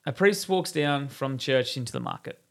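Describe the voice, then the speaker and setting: A man's voice: mid-range voice, lively intonation, normal speed. A man co-hosting a dads' podcast, chatting casually, rambling a little and laughing often. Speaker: podcast co-host. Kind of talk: casual chat, telling a joke.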